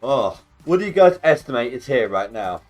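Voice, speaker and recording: A man's voice: medium pitch, big pitch swings, normal speed, soft background music. A man streaming a video game live, chatting casually and joking as he thinks aloud about his progress. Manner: rambling, jokey, thinking aloud. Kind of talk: casual gameplay commentary.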